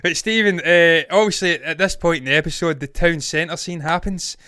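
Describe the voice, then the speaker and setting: A man co-hosting a casual film review podcast, chatty and quick to laugh. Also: a little high, steady tone, sharp tone, smooth, no room sound, studio quality. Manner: chatty, laughs easily, reads quotes aloud. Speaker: podcast co-host.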